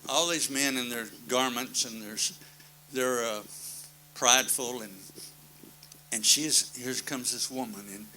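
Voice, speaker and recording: Folksy preacher guy, bright forceful voice, plain talk, keeps repeating his refrain. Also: mid-range voice, fairly even intonation, a little slow, pauses often, a little hiss or hum, rough recording. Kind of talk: sermon.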